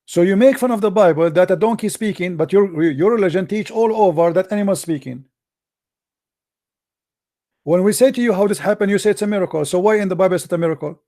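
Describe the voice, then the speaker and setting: Man, live-stream host, mocking and blunt, higher voice, dark tone. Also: quick pace. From Middle East. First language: Arabic. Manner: combative, mocking, blunt insults. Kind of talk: heated live-stream debate.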